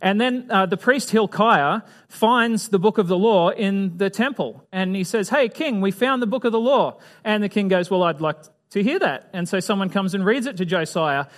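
A man giving a conversational Bible lesson in a fairly high voice. He talks casually and keeps asking his listeners questions. Now and then he acts out little scenes as he teaches. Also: moderate pace, few pauses, a bit bright. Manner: chatty, asks the audience questions, acts out voices. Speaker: preacher.

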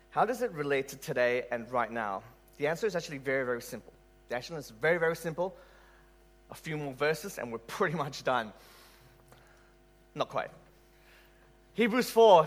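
A man preaching An animated male preacher delivering a sermon. His voice sits a little high and swings widely in pitch. He keeps throwing rhetorical questions at the listeners. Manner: animated, rhetorical questions, laughs at own story.

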